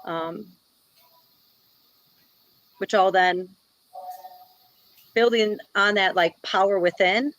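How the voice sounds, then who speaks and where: A woman's voice: medium pitch, extremely slow, long pauses, a bit bright, dry recording, highs cut off. Chatty woman, dry close sound. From Wisconsin, US. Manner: chatty, many "like" and "you know" fillers. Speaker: guest, jiu-jitsu black belt and instructor. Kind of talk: casual interview talk.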